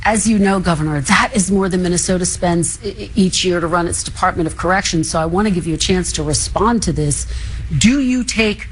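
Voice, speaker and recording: A woman interviewing a politician, asking brisk, pointed questions. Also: on the low side, a little hiss or hum, low-quality recording. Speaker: news interviewer. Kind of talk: broadcast news interview question.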